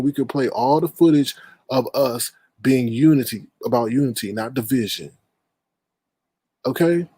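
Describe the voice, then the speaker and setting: A man hosts a live online panel, laughing in disbelief and scolding his guests. His voice sits at an ordinary pitch, and the sound is dry with no room around it. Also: a little mellow, no echo. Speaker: panel host. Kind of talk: casual livestream panel chat.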